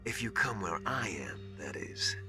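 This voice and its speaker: An actor voicing a mocking, scheming villainous soldier in a video game cutscene, often half-whispered. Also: male voice, fairly low pitch, big pitch swings, normal speed. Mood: taunting. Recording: game audio with music.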